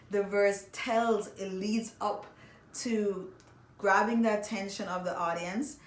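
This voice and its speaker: A woman music teacher giving a songwriting lesson, explaining patiently and speaking directly to her students. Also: mid-range voice. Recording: echoey room, faint background noise.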